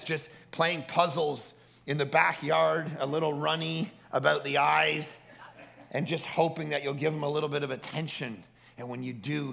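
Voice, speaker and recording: A man's voice: mid-range voice, vocal fry, pushed and bright. A man preaching a sermon at a family camp, telling stories animatedly and acting out the people he quotes. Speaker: pastor.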